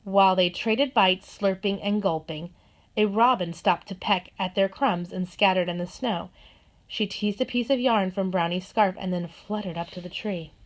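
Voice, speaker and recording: A woman's voice: medium pitch, normal speed. Woman reading a picture book aloud. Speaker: narrator. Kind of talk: storybook read-aloud.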